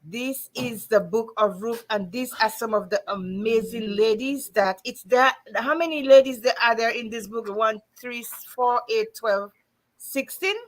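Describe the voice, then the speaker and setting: A woman hosting a casual online chat show, lively and chatty, laughing often. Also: a little high, unhurried.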